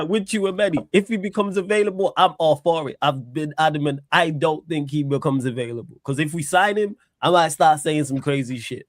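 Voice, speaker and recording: A man's voice: on the high side, dry recording, clean studio sound. A man, talking football casually as co-host of a podcast, chatty and rambling. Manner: chatty, rambling, often restarts.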